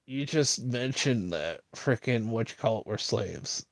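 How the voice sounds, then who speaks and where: Man, mid-pitched, dry close sound; loose rambling streamer delivering a mocking monologue. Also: animated, a little slow, vocal fry, no echo. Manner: rambling, filler-heavy, mocking.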